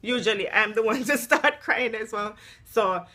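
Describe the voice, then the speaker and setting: A woman's voice: on the high side, normal speed, background noise. A mother vlogger, lecturing her daughter in casual chat and laughing often, sounding tired and unwell. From Jamaica. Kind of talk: casual family vlog chat.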